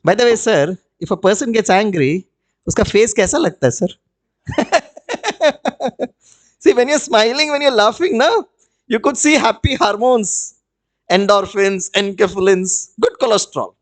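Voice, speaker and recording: A middle-aged man with an Indian accent gives an animated, storytelling spiritual talk and asks the audience questions. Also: high voice, normal speed. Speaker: spiritual retreat speaker.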